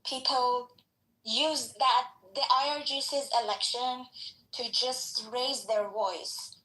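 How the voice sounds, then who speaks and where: Woman, persian accent, high voice, slow, earnest and halting, echoey sound. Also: steady tone, sharp tone. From Iran. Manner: earnest, halting, repeats herself. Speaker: audience speaker in a debate. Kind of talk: heated online debate.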